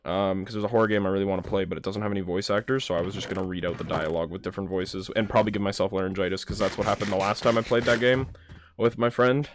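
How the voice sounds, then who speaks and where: Nasal guy rambling sarcastic while gaming, lowish voice, keyboard clicking faint behind. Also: fairly even intonation, very fast, a little hiss or hum. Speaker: gaming YouTuber. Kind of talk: casual gaming commentary.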